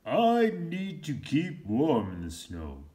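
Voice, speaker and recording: A jolly old Santa booms out slow, hearty lines from a storybook read-aloud , played by a man. He sounds big and warm-hearted. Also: huge pitch swings, exaggerated voice.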